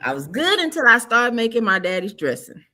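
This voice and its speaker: A woman's voice: a little high, sing-song, brisk, sharp tone, slight background noise. A woman on a podcast, candidly telling a personal story in a casual way. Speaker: podcast co-host.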